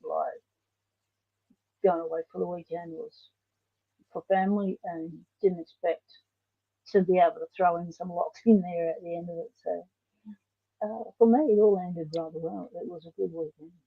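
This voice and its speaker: A woman's voice: fairly low pitch, steady tone, moderate pace, creaky, long pauses, breathy edge, no room sound. An Australian woman hosting a casual livestream, chatting in a rambling way and answering viewer comments. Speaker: livestream host. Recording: dull lo-fi stream audio.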